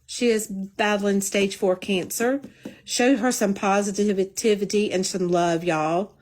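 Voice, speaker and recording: Middle-aged woman, casual live streamer, chatty storyteller, mid-pitched voice, phone mic. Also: steady tone, slow, a little mellow. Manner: chatty storyteller, addresses viewers as y'all.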